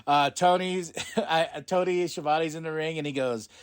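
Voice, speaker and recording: Excitable man recapping a show casually. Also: fairly high pitch, moderate pace, clean tone. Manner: excitable, laughs often, swears casually. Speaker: podcast host.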